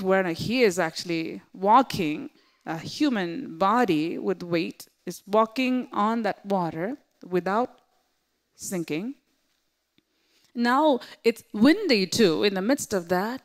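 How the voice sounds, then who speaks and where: A woman pastor preaching a sermon, swinging between loud exclamations and hushed, whispered asides. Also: mid-range voice.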